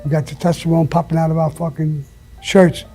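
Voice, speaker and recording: A man's voice: fairly high pitch, little pitch movement, a little fast, mellow, soft background music. A man being interviewed, telling blunt, profane stories with lots of emphasis and the odd laugh. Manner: blunt, emphatic, swears often, laughs mid-story. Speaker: interview guest. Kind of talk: profane storytelling.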